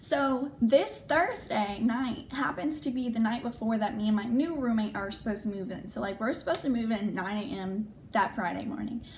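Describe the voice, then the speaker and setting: A woman's voice: a little high, moderate pace, few pauses, a little hiss or hum. A young adult woman vlogger telling a personal story in a casual way, acting out what people said and often saying "like". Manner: animated, acts out quoted dialogue, frequent "like".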